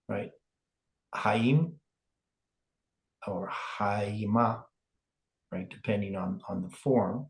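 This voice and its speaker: Slow bible teacher guy, mid pitch, thinks out loud, roomy echo. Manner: thinking aloud, many fillers and "right?" checks. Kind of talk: word-by-word scripture study.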